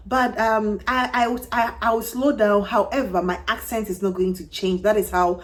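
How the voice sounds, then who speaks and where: A woman's voice: medium pitch, steady tone, normal speed. A woman in her thirties from Ghana with a Ghanaian English accent, chatting through a casual perfume review with frequent "you know" fillers and restarts. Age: 30s. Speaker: fragrance vlogger.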